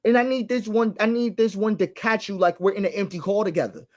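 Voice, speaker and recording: A man's voice: high voice, steady tone, fairly quick. A man giving impassioned social commentary, stressing points by repeating them, asking rhetorical questions and now and then laughing. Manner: emphatic, repeats key phrases, rhetorical questions.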